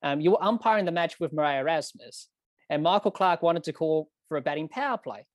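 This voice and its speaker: A male podcast host asks eager questions and retells events to his guest in a lively way. His voice is of middle pitch, recorded dry and close with no room sound. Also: a little fast, dry recording. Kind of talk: casual interview questions.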